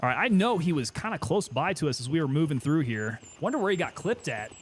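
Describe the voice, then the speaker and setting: A game streamer talks his way through a tactical shooter in casual, joking commentary. His voice sits slightly high for a man, and a faint hiss lies under it. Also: big pitch swings, quick pace. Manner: chatty, joking, self-amused.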